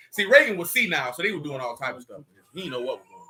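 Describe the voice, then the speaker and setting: A man leading a loose, joking Bible study, talking in animated, teasing slang. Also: a little high, rapid-fire. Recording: echoey room.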